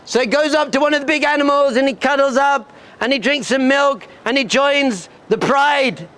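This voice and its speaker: In a very high-pitched voice at a moderate pace, a rabbi energetically motivates yeshiva students. He tells a story, acting out sheep bleating and a lion roaring, and leans on repeated, punchy lines for emphasis.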